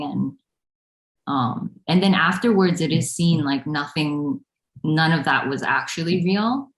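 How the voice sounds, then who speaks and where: A woman hosting a spiritual meeting, speaking in a gentle, reflective way over a video call. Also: low-pitched. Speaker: non-duality teacher, host. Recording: roomy echo.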